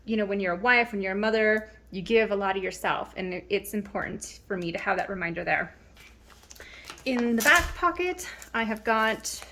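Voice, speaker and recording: A woman in her thirties talks through her planner at home in a relaxed, rambling vlog style. She fills pauses with ums and restarts her sentences. A faint hiss sits under her mid-pitched voice. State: slightly out of breath. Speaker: planner vlogger. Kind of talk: casual show-and-tell vlog.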